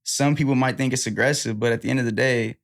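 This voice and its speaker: A young man talking casually on a podcast as a guest, telling stories in a relaxed way. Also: mid-range voice, quick pace. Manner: relaxed, storytelling, quotes himself directing people.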